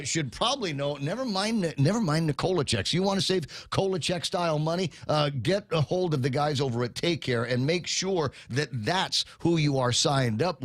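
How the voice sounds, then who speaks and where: A man's voice: fairly high pitch, no echo. A man hosting a morning radio talk show, chatting casually, joking and rambling with many fillers. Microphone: studio microphone.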